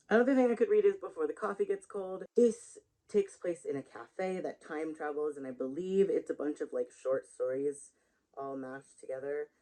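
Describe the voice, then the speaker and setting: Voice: mid-range voice, warm tone, rough recording. Chatty rambling book vlogger. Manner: rambling, chatty, laughing at own jokes. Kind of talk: casual book chat to camera. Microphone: built-in camera mic.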